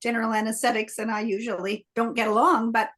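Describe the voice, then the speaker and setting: A woman's voice: a little high, little pitch movement, quick pace, fairly bright tone. An older woman telling a story on a group video call, hesitant with frequent restarts and filler sounds. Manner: hesitant, lots of "uh" and restarts, chatty. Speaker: coaching group member.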